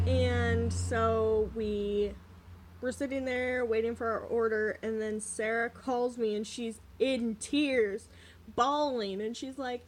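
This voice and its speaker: Young woman vlogger, slightly high voice, blunt and candid storytime delivery. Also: slow pace, a little hiss or hum. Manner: candid, swears freely, animated retelling. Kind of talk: casual storytime vlog.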